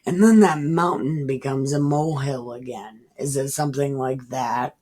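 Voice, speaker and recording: A woman's voice: very deep voice, normal speed, a little mellow, husky. A woman casually reading scripture aloud and commenting on it in a rambling, irreverent way, cursing freely. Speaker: online Bible reader.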